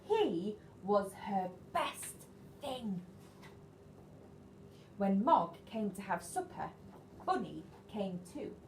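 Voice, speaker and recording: A woman, a nursery teacher reading a picture book to young children in an animated, sing-song way and asking them questions. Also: mid-range voice, drawn-out words, pauses often, slight background noise. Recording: echoey room, faint ambience.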